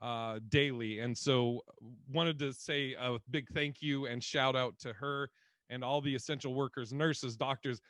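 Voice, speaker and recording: A man's voice: mid-range voice, steady tone, unhurried, a bit bright, no room sound. Chill guy cohosting a podcast, cusses a lot, laughs, dry close mic. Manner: rambling, laughing, swears freely. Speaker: podcast co-host. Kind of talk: casual chat.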